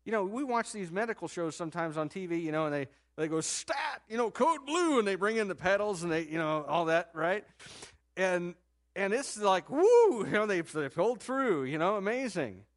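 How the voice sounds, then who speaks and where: A man preaching a sermon in a conversational, animated storytelling manner, rising sharply in pitch and loudness at times and dropping to a soft low voice for quoted words. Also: fairly quick. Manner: drops to a soft, low voice when quoting Jesus. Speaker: pastor.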